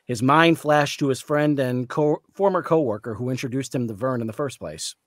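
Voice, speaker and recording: A man reading the narration of a novel aloud in a measured storytelling way. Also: mid-range voice, no echo. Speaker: author reading.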